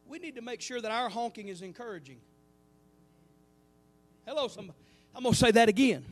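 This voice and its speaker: A man preaching a sermon to his church, animated, breaking into asides and calling out to the congregation. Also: extremely high pitch, brisk. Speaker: pastor. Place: church sanctuary.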